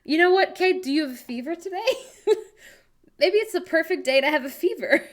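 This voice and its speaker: An American woman hosting a casual livestream, chatting playfully and reading viewers' messages aloud with animated, self-mocking humor. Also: very high-pitched, normal speed. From United States. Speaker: livestream host reading chat. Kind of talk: casual chat.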